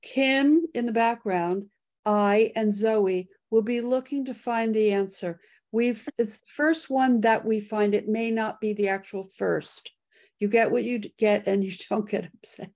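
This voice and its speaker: Reading through the chat and poll results, a mid-range-voiced woman hosting an informal live webinar by video call sounds excited and breaks into laughter often.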